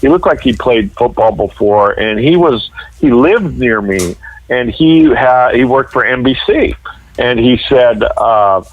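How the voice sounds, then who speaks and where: A young adult man from Northern California, a guest writer on a podcast, tells stories animatedly in casual chat, performing the voices of the people he quotes. His voice sits in the mid-range, and the audio is dull with no echo.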